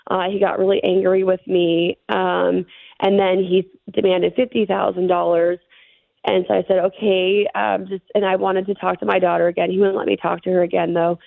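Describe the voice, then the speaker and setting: Middle-aged female guest telling her story earnestly; slight fry, dry phone-line audio. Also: lowish voice, level tone, dry recording. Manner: earnest, rushed storytelling with fillers. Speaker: interview guest. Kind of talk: recounting a personal ordeal.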